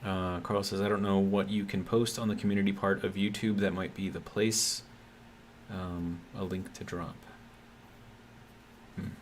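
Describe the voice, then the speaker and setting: A man's voice: low-pitched, level tone, unhurried, a little hiss or hum. A man streaming a game live, talking casually and reading chat messages aloud, in an easygoing, hesitant way with lots of ums and self-corrections.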